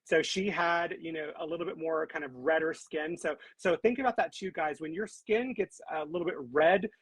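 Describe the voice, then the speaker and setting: A woman with a husky, slightly breathy voice hosts a casual live stream. She is upbeat and talkative and keeps calling her viewers "guys". The sound is dry and close, as on a video call. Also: low voice, normal speed, dry recording. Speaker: host.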